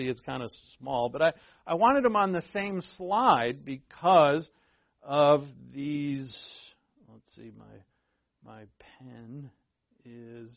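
Male pastor, slightly high voice, chatty teaching sermon with asides, slows down on key words; dull, dry lo-fi recording. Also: dry recording. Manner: conversational, wandering teaching with asides and self-corrections; stresses key words, slowing down for emphasis.

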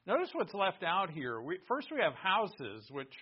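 A male pastor preaching a sermon, emphatic, swinging from loud stresses to hushed words. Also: high voice, wildly swooping pitch, unhurried, husky. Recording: dull lo-fi recording.

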